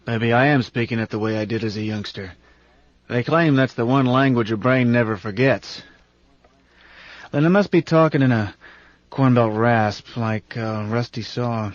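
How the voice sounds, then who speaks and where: A gruff, irritable ancient man with a raspy, salty, grumbling delivery, as an audiobook reader puts him on. He is pitched a little higher and louder than the reader's own voice. The recording is dull and dry. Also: moderate pace, no room sound, close to an everyday voice. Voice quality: rasp. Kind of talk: audiobook character reading.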